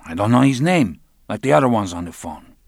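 A man's voice: fairly low pitch, very animated, brisk, gravelly, no echo, studio quality, pitched above the performer's own voice, full character voice. A man voicing a hesitant young man in an audiobook, speaking doubtfully.

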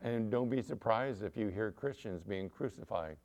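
Lower-voiced preacher telling stories. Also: male voice, normal speed, gravelly. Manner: animated storytelling preacher, acts out quoted voices. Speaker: pastor. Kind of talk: sermon.

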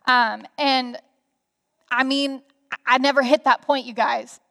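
Young woman, high voice, lively chatty storyteller with lots of fillers, big reverberant room. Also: a little slow, creaky. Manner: animated storytelling with many fillers. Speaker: guest speaker. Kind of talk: conversational sharing on a church stage. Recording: reverberant hall sound.

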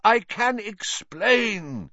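A man voicing a calm, weary male teacher who speaks in a measured, restrained way. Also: medium pitch, no room sound, lo-fi sound. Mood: pleading.

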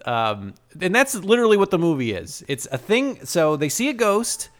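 Animated sarcastic man recapping a movie. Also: high-pitched, moderate pace. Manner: sarcastic, acts out lines, laughs often. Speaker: podcast co-host. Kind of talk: casual movie recap chat.

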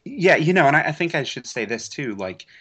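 A man's voice: a little high, big pitch swings, brisk, fairly bright tone. A man co-hosting a casual podcast who teases his partner with joking banter. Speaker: podcast co-host.

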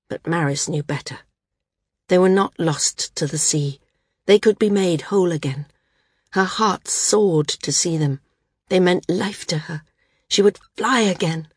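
A woman narrating an audiobook in an even, unhurried reading. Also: fairly low pitch, slightly rough, dry recording, studio quality. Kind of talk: scripted narration.

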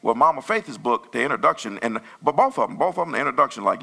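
A man preaching a sermon as pastor, talking in a loose, conversational way with sudden loud bursts. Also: medium pitch, lively intonation, quick pace, gravelly.

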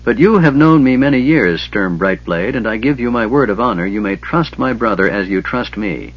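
A man as a big, husky-voiced warrior. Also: on the low side, lively intonation, moderate pace. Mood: earnest. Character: big, loyal male warrior. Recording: dull lo-fi recording.

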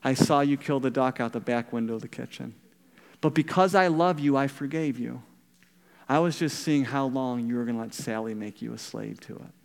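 A pastor speaking as a kind, calm old grandmother in a gentle, knowing way. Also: mid-range voice, normal speed, gravelly, pitched below the performer's own voice, natural voice.

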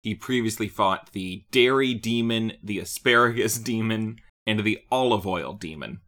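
A man co-hosting a podcast, recapping a cartoon episode in a casual chat and jumping into quick acted-out character lines. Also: on the low side. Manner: animated, acts out characters' lines in quick bursts. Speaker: podcast co-host.

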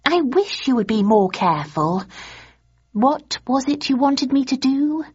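A woman's voice: on the high side, very animated, takes it slowly, breathy edge, no echo, highs cut off, pitched above the performer's own voice, heavily acted. A woman doing a fond, fretful wife. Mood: anxious. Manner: bright, lilting and worried. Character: fond, anxious wife of an inventor, adult woman.

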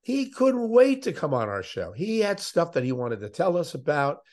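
Older man telling lively sports stories. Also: a little high, moderate pace. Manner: animated anecdotes, puts on voices of others. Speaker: interview guest, veteran sports interviewer. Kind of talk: conversational storytelling.

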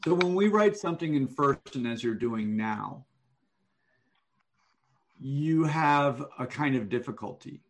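A man giving one-on-one manuscript feedback over an online call, explaining deliberately and thinking aloud. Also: medium pitch, animated. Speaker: writing coach.

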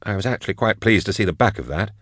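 Wry talkative scholar, low voice, dry close sound. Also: male voice, lively intonation, fast, fairly bright tone, no room sound. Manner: wry, chatty, stalling. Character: glib, curious male scholar prisoner.

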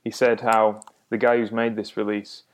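A man's voice: fairly low pitch, level tone, moderate pace. Easygoing man co-hosting. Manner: easygoing, joking banter with a dry edge. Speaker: co-host of a music podcast. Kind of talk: casual chat.

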